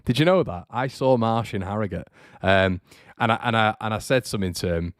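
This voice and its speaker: Chatty low-voiced man. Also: brisk, a bit bright, dry recording, studio quality. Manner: chatty, rambling, reads viewer comments. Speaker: fan channel host. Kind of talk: casual livestream chat.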